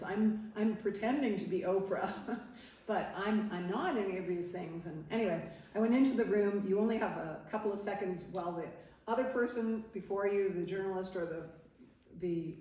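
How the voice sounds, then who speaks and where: A middle-aged woman from Nova Scotia, Canada, a former TV interviewer, is the guest speaker at a parish hall, energetically telling stories to a live audience and laughing often. Her medium-pitched, warm voice takes on the voices of the people she quotes. Heavy hall echo surrounds her, and she sounds far from the mic.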